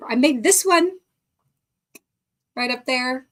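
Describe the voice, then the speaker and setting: A middle-aged woman talks through a live stream at an easy, unhurried pace, her voice sitting a little high. She greets viewers one by one and laughs often between comments, close to a desk mic. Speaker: livestream host. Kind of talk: casual chat reading live comments.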